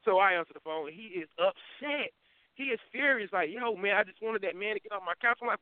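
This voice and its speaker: A man hosting a live morning web show, telling a story in a casual monologue, animated and full of slang, often asking "you feel me". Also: high-pitched, fast, no room sound. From Durham, North Carolina. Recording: tinny phone-like audio with faint music.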